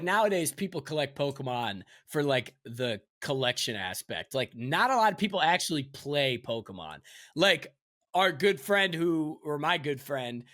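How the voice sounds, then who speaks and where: Casual podcast co-host, young adult male, bright edge, dry sound, laughs and curses. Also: fairly high pitch, no room sound. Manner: loose, laughing, swears a lot. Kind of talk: casual chat.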